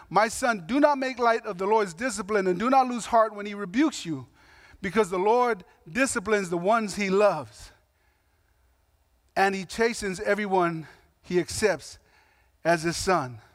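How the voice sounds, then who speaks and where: A man's voice: sits high, a little slow, fairly bright tone, dry recording, clean studio sound. A man preaching a sermon in a conversational, emphatic way, with slangy asides and voiced quotes. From Samoan heritage. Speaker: pastor.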